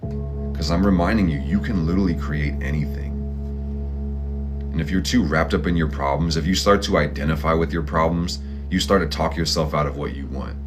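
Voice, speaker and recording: A man hosting an astrology and tarot reading, talking in a blunt, profane, pep-talk style full of slang. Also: a bass voice. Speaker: astrology and tarot channel host. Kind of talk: casual motivational tarot reading.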